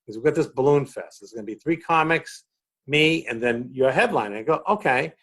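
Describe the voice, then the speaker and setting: A middle-aged man with a Boston accent, a comedian chatting as a guest and telling stage stories with lively, acted-out quotes. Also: mid-range voice, a little fast, breathy edge. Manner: animated storyteller acting out quotes. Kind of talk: casual chat, storytelling.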